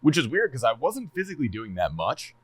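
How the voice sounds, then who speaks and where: A man casually chatting on a podcast, animated and laughing a lot, swearing freely and stumbling over repeated words. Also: mid-range voice, a little fast, a crowd in the background. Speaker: streamer and podcast co-host.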